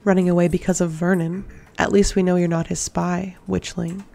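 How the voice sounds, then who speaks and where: Woman reader doing a taunting iron-toothed witch, low, flat, gravelly. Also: moderate pace. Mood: mocking. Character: menacing immortal witch woman with iron teeth.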